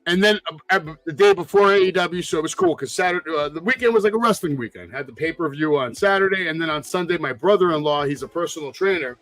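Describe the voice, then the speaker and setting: A man co-hosting a casual podcast chat, telling profane stories that often rise to excited shouting. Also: on the high side, quick pace, few pauses, dry recording. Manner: loud, profane storyteller, gets excited and shouty. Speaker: podcast co-host.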